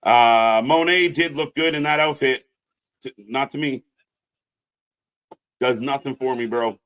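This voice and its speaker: A man's voice: mid-range voice, a little slow, a bit bright, dull audio. Blunt, profane man ranting about wrestling. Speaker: wrestling stream co-host. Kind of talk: casual live commentary chat.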